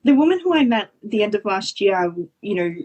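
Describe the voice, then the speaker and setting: A woman's voice: mid-range voice, sing-song, brisk, darkish tone, breathy edge, highs cut off. A woman who is a business coach, speaking as a guest in an effusive, emotional way and swearing casually. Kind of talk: casual conversational interview.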